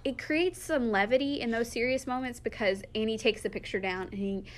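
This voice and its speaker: A woman's voice: a little high, fairly quick. Lady recapping a book, chatty, acts out the lines. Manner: animated, acts out quotes from the book. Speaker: book podcast co-host. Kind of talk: casual chat, retelling book plots.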